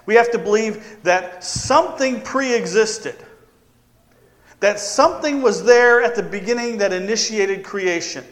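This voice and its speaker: Guy preaching a sermon, fairly high voice, repeats words for emphasis, long echo. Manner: emphatic repetition, slowing for stress. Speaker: pastor.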